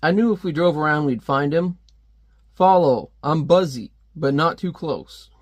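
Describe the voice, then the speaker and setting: An eager young comic-book hoodlum, pushed up a bit higher than a normal speaking voice and delivered loud, as a man reads the part aloud. The sound is dry and close, with no room around it. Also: expressive, unhurried, dry recording. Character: scheming young male hoodlum tailing someone. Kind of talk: reading comic dialogue aloud.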